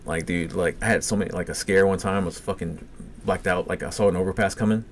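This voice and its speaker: A man's voice: sits low, fairly even intonation, quick pace, a little hiss or hum. A man with a Cajun accent telling rambling, profane personal stories on a casual podcast. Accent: Cajun English. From Louisiana. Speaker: podcast co-host.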